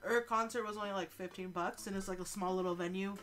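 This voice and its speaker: A woman's voice: mid-range voice, fast talker. A sick, stuffed-up young woman streaming a game live, joking and swearing as she talks. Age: young adult. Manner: animated, joking, swears a lot. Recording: faint game music behind.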